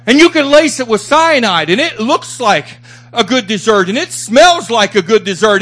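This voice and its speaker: A man's voice: high-pitched, very animated, moderate pace, a bit bright, faint music behind. A man preaching a sermon to a small church congregation, fervent and repetitive, building up his phrases for emphasis. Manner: fervent, rising and repeating for emphasis.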